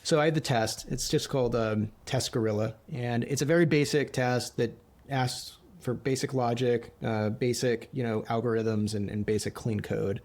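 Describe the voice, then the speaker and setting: A man hosting a podcast, chatting casually and telling lively anecdotes in which he acts out the dialogue. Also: mid-range voice, normal speed. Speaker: podcast host. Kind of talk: casual conversational storytelling.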